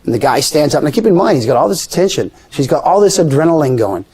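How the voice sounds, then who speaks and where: A man telling a story in casual conversation, animated and acting out the people he quotes. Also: quick pace, husky. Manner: animated, acts out quoted voices with pitch jumps. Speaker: guest storyteller.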